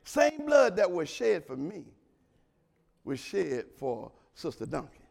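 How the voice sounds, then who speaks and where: A man preaching a sermon in a colloquial way, talking straight to the congregation and swinging between loud shouts and quiet murmurs. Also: high-pitched, huge pitch swings, takes it slowly, vocal fry.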